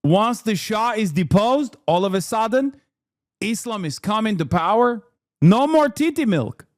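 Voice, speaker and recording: A boastful male podcast host with a Persian accent, parodied by a man. Every phrase is stretched out slowly and mockingly in a raised voice. The recording is dry and close. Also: high voice, big pitch swings, no echo. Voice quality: mocking, drawn-out delivery.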